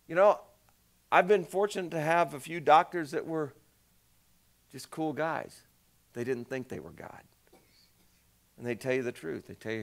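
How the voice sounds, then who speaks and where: A male preacher with a high voice, preaching in a lively, conversational way. He leaps from shouted questions to quiet, hushed asides, animated throughout. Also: moderate pace, gravelly. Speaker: pastor. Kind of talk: sermon.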